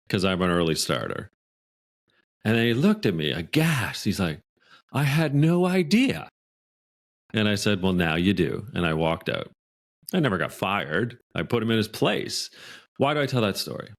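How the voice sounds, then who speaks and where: A Canadian man, a podcast guest, telling a workplace anecdote in a lively, animated way. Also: fairly low pitch, normal speed. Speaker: guest author. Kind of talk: podcast storytelling.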